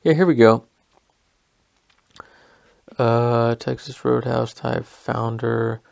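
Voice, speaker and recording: A man's voice: medium pitch, fairly even intonation, slow pace, creaky, darkish tone. A young man hosting a podcast, rambling through a story in a self-deprecating way with lots of fillers. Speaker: podcast host. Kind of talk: casual rambling monologue.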